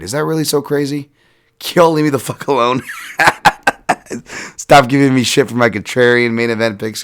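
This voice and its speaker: A man hosting a solo podcast, breaking down fights in a casual, animated way, swearing and laughing as he rambles through asides. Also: lowish voice. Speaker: podcast host and fight analyst.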